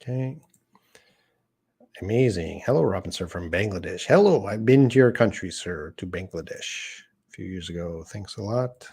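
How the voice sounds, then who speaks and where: Relaxed man teaching English. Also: low voice, moderate pace, creaky, husky. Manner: casual and conversational, reads viewer questions aloud and answers them. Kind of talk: live-streamed lesson answering chat questions.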